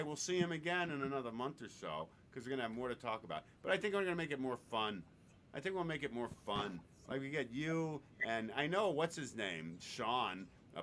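Male podcast host, animated and loose, slightly high, faint background hum. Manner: loose, swearing, animated joke-telling, swings from loud to murmured. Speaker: show host. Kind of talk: casual podcast chat with jokes.

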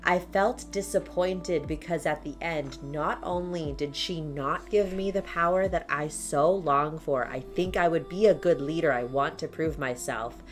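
A woman playing a tabletop storytelling game with friends, talking in an animated, gleeful and playful way. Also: low voice, a little slow, hardly any pauses, soft background music. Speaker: player.

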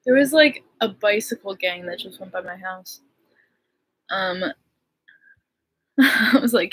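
A woman's voice: mid-range voice, animated, slow pace, long pauses, husky. A young woman musician chatting on a livestream, giddy and gushing, laughing often. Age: young adult. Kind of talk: casual livestream chat. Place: home.

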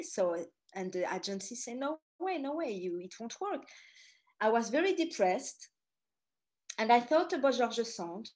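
A middle-aged woman from France with a French accent, telling stories in an animated, chatty presentation full of asides. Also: mid-range voice. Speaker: tour guide giving a talk. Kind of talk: storytelling presentation.

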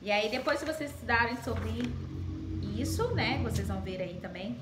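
A woman teacher with a Brazilian Portuguese accent, explaining a lesson slowly and switching between Portuguese and English. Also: a little high, animated, music in the background. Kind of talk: bilingual classroom lesson. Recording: echoey room with clear background noise.

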